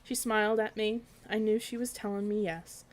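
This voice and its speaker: A woman's voice: mid-range voice, level tone, moderate pace, poor audio. A woman reading a children's bedtime story aloud, giving characters light voices.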